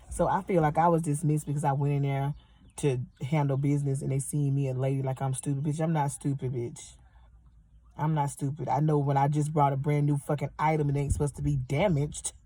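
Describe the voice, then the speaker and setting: A woman's voice: deep voice, dry recording. A woman in her thirties ranting in a heated, profane storytime from her parked car. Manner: heated, profane, animated retelling. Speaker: vlogger telling a story. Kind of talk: angry storytime rant.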